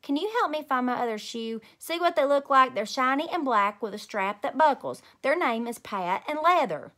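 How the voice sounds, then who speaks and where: A woman voicing an excitable little kindergarten girl, chirpy and dramatic in a storybook read-aloud. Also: high voice, normal speed, pitched above the performer's own voice. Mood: pleading. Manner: chirpy, dramatic, ungrammatical kid talk.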